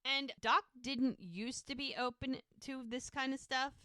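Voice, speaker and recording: A woman with a high-pitched, bright, forceful voice that is clear and resonant speaks steadily at a measured pace. Co-hosting a podcast, she recaps a TV episode casually, acting out lines and laughing now and then. The studio sound is clean, without echo.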